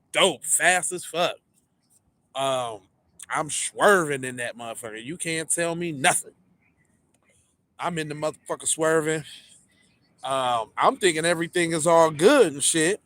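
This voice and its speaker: A man casually telling a story, animated and full of swearing, acting out the people in it. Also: fairly high pitch. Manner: animated, profane, acts out the people in his story. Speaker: podcast storyteller.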